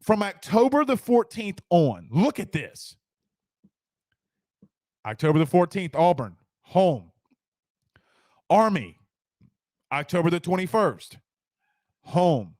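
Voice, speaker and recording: A man's voice: sits high, very animated, slow pace, long pauses, a little mellow, no room sound, studio quality. A man hosting a casual sports talk show, joking and rambling through viewer comments and repeating lines for emphasis.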